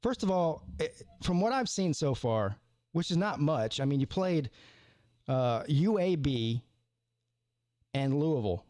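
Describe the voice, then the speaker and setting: Rambling, stammering sports-stream host. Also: male voice, fairly high pitch, big pitch swings, measured pace, long pauses, a little mellow, dry recording. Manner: rambling, with stammered restarts and repeated words. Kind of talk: casual live-stream sports talk.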